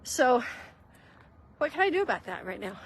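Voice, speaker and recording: Walking outdoors, a woman teaches as host of a faith-based walk-and-talk, offering spiritual guidance earnestly and conversationally while addressing listeners as "guys." Her voice sits high with big pitch swings, slightly rough, at a moderate pace. The audio is poor.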